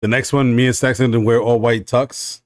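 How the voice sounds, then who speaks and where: A man hosting a talk show, chatting casually with friends, rambling, swearing freely and quick to laugh. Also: mid-range voice, little pitch movement, no echo, clean studio sound. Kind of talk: casual group chat.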